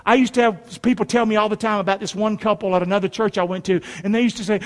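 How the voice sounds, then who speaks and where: A man's voice: high voice, fairly even intonation, fast talker, few pauses. A middle-aged male pastor preaching a sermon in a church, folksy and emphatic, pulling the congregation into call and response. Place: church sanctuary. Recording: long hall reverb.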